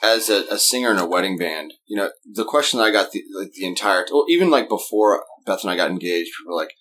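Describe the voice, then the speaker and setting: A man with a Southern American accent, a wedding band singer telling a story as a podcast guest, lively and quick to act out other people's lines. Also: deep voice. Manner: animated, acts out quotes in raised voices. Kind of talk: casual storytelling.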